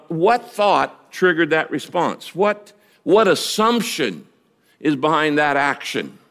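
Middle-aged male pastor, fairly high and very animated, conversational preaching in a reverberant church hall. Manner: conversational preaching, rising with emphasis, teasing the congregation. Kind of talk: sermon.

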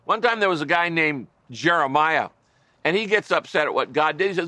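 Male pastor, middle-aged, sermon, earnest and conversational, bright tone, dry close sound. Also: a little high, expressive, brisk, no room sound. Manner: earnest, conversational preaching with wry asides.

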